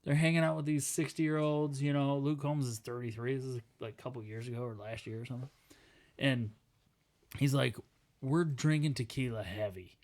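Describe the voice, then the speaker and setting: A man co-hosting a casual podcast, telling a story with lively acted-out quotes and laughing as he talks. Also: mid-range voice, fairly quick. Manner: animated storyteller, acts out quotes, laughs while talking. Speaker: podcast co-host.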